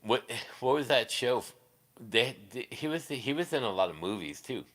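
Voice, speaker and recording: Bright-voiced man rambling on a live stream. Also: medium pitch, animated. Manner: rambling and crude, quick laughs, many restarts. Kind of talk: casual live-stream chat, answering viewers.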